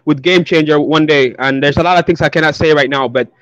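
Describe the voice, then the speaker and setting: A man with a fairly high voice talks quickly in a casual voice chat, stammering and repeating words. His mic sounds dull and lo-fi, and the sound is dry and close. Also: fairly bright tone, dry recording. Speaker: group member.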